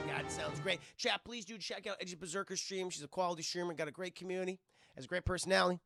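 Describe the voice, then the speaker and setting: Over loud music, a film reviewer and streamer casually recaps a movie live, rambling, cursing, and constantly talking to his chat. He has a high, gravelly voice and talks fast.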